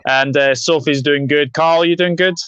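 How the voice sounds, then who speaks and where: Football host on a dull, dry mic. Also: male voice, on the high side, steady tone, normal speed, fairly bright tone, clean tone, no room sound. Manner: jokey, reads out live comments. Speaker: podcast host. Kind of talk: live football preview chat.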